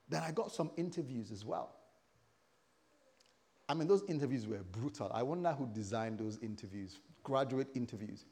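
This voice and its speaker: A man's voice: mid-range voice, expressive, normal speed, pauses often, a little mellow. A man in his fifties preaching a sermon, telling stories with animation and acting out the voices of people he quotes.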